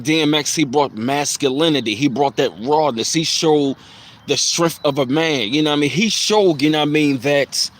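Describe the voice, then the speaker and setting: A man hosting a casual live stream, speaking in a loose, reflective way with plenty of fillers and repeated phrases. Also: fairly high pitch.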